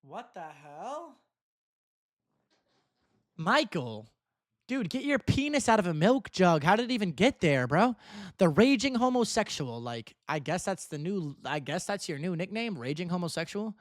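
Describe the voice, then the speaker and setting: A man's voice: high-pitched, big pitch swings, measured pace, no echo, clean studio sound. A young man streaming live, reading out viewer messages and answering them with teasing, mock-earnest banter, tossing "bro" onto the end of his lines. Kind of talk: casual livestream chat reading viewer messages.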